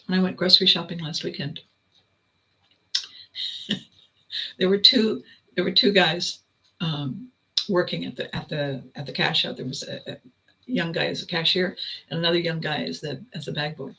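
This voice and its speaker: Female podcast host, animated storyteller, bright tone. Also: on the low side, moderate pace, pauses often, low-quality recording. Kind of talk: reflective storytelling monologue.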